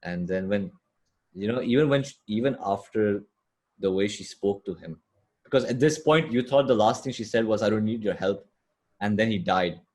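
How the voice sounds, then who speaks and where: A man co-hosting a podcast, talking through a video game in a casual, animated way with blunt opinions and plenty of filler words. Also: fairly low pitch, moderate pace. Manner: animated, often paraphrases and quotes game scenes. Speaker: podcast co-host.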